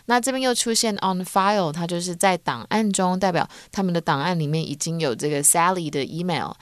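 A woman's voice: lowish voice, no echo. Woman from Taiwan co-hosting a bilingual lesson, explanatory, dry close sound. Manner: clear explanatory, laughs often. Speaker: co-host teacher.

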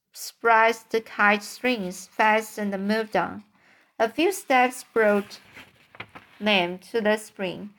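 Slow, halting woman reading a storybook. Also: mid-range voice, a bit bright, smooth. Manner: halting, frequent stumbles and restarts. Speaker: audiobook reader. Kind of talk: storybook read-aloud.

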